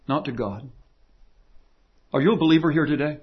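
Male preacher, slightly raised pitch, husky tone, emphatic sermon delivery, muffled lo-fi recording. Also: normal speed. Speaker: pastor. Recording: dull lo-fi sound.

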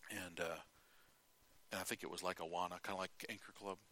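A middle-aged male preacher giving a sermon, telling folksy stories, acting out quotes and often clearing his throat. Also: deep voice, steady tone, fairly quick, bright, forceful tone.

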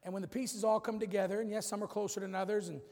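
Guy preaching, folksy, gravelly high voice, church reverb. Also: little pitch movement, quick pace, a little mellow. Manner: folksy and joking, says y'all. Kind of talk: casual sermon with puzzle object lesson. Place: church sanctuary.

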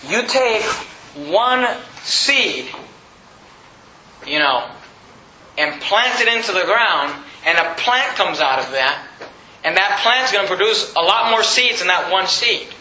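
A man preaching a sermon as pastor, emphatic and building to shouts on key lines. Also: sits high, a little hiss or hum. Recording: roomy, slightly dull with faint ambience.

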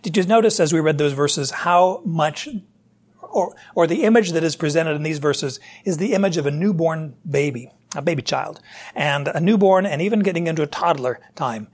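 A pastor preaches in an easy, conversational way, explaining scripture straight to his listeners. His voice is husky and sits a little high for a man. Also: normal speed. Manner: conversational, explanatory, addresses the congregation directly. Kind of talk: sermon, verse-by-verse Bible teaching.

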